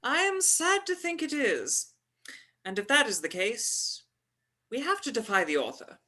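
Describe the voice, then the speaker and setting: Cast: woman reading a grandly sure, lecturing woman, lively bright voice, measured delivery. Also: a little high, heavily acted. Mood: earnest. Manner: measured, declaiming. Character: earnest lecturing woman, grandly self-assured. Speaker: actor in a play reading. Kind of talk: live play reading.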